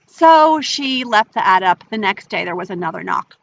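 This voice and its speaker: A woman nature educator telling a children's story in an animated, expressive way. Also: mid-range voice, normal speed, creaky, dull audio.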